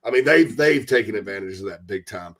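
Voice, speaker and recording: Animated Southern sports radio host man. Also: on the low side, a little fast. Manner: animated, breaks into loud mock voices and laughter. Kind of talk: casual sports talk radio chat.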